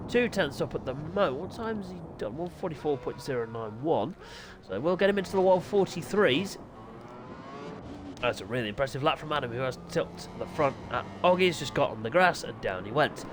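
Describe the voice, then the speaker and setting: A man commentating live sim motorbike racing on his own stream, excitable and chatty with joking asides. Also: a little high, fairly quick, noisy background. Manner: excitable, chatty, self-deprecating, swings to exasperated asides. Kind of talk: live esports race commentary.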